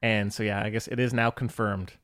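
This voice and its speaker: A man's voice: fairly low pitch, level tone, a little fast, a bit bright. A man co-hosting a podcast, chatting in an easygoing way and prompting with questions. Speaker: podcast co-host. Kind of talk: casual chat.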